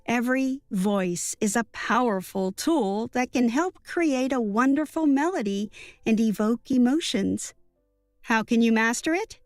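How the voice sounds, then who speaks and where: A woman narrates a book summary slowly and evenly, her voice sitting a little high. The recording is dry and close, with soft music underneath. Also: no echo. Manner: even, measured reading. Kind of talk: scripted narration.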